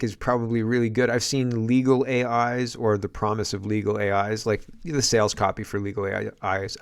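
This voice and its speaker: A man's voice: fairly low pitch, clear, resonant tone. A man hosting a political commentary show, musing aloud as he reacts to video clips.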